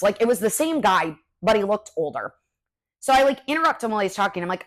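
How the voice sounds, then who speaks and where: A young adult woman hosting a podcast, telling personal stories in a casual, animated way with lots of "like" fillers. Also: medium pitch, quick pace. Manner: chatty, animated, many "like" fillers. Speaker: podcast host. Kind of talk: casual storytelling chat.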